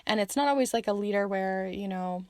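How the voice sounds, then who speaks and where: A woman's voice: medium pitch, fairly quick, darkish tone, dry recording, clean studio sound. A young woman giving a chatty tarot reading, full of fillers, who says she is losing her voice. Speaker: tarot reader.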